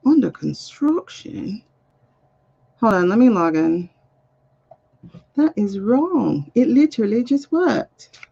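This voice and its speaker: A woman's voice: a little high, very animated, slow pace, creaky, pauses often, mellow, slightly rough, dull audio. A woman reading cards on a live stream, chatting casually and muttering to herself while she sorts out links. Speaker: live card reader. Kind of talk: casual livestream chat.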